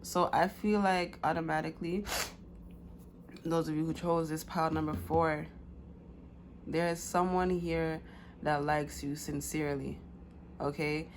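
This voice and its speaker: A woman's voice: low-pitched, fairly even intonation, a little slow, long pauses, slight background noise. A woman giving a casual pick-a-card tarot reading, loose and slangy with many fillers.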